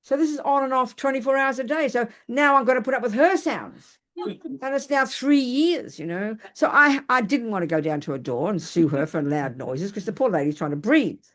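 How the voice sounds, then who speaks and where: An older woman, a Buddhist teacher giving a dharma talk. She tells lively, self-mocking personal stories and often restarts her sentences. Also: on the high side, normal speed.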